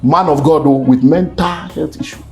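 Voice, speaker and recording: A man's voice: on the high side, normal speed, vocal fry, music in the background. A middle-aged Nigerian man with a Nigerian accent, a guest in an interview, telling of his divorce with emotion and slipping into pidgin. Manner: emotional storytelling, mixing in pidgin. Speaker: guest speaker. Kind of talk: candid interview about divorce.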